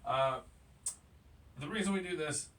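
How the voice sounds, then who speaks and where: A podcast host tells stories in a casual chat, laughing often and swearing freely. His voice is fairly high and fairly bright, and he speaks unhurriedly; the distant mic picks up faint noise.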